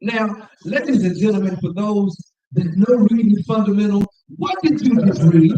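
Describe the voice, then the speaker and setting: A man teaches a scripture class, reading passages aloud and stopping to comment and have the room repeat after him. His voice sits high but sounds mellow. He is recorded from a distance in an echoey room with a dull, muffled tone. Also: moderate pace, a little hiss or hum. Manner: reads aloud and comments, call-and-response.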